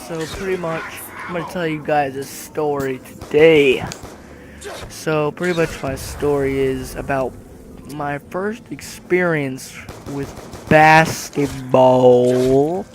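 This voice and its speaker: A man's voice: fairly high pitch, fairly even intonation, takes it slowly, background noise. A male speaker casually telling a story about starting a sport, with joking, offhand asides.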